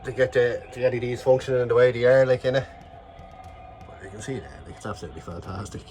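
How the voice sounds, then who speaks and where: A man's voice: mid-range voice, quick pace, a little mellow, faint music behind. Chatty man reviewing a toy. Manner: enthusiastic, rambling, full of fillers. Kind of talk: casual unboxing chat.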